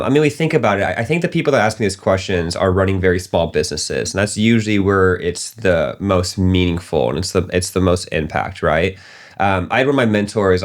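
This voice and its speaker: Hosting a casual business podcast, a young man with a low-pitched voice tells stories animatedly, performing the voices of the people he quotes.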